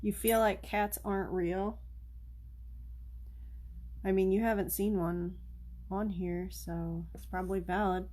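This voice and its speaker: A woman's voice: mid-range voice, flat delivery, measured pace, pauses often, dark tone. A woman chatting casually on a live stream while she paints at home, rambling and coaxing her cats over.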